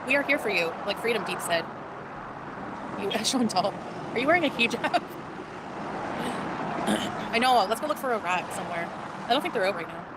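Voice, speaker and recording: Chatty Canadian woman over loud traffic. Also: medium pitch, animated, moderate pace, pauses often. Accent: Ontario Canadian. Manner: chatty, laughs often, rambling. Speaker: vlogger. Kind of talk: casual vlog chat. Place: outdoors on a city street by a café. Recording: loud street and traffic noise. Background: passing cars and street noise.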